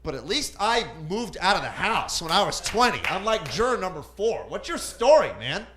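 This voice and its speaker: A man's voice: sits high, big pitch swings, moderate pace, fairly bright tone, voice pushed up. A man playing a defiant criminal pleading before a judge, blustering and indignant.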